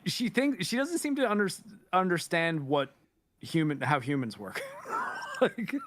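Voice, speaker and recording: Higher-voiced man in chatty film talk. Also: animated, unhurried, fairly bright tone, slight background noise. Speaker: podcast guest. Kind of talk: casual movie discussion.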